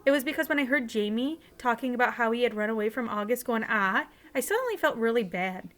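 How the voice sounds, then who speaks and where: A woman's voice: fairly high pitch, lively intonation, fast. A woman teacher reading a novel aloud in a casual, conversational way, sometimes restarting a line.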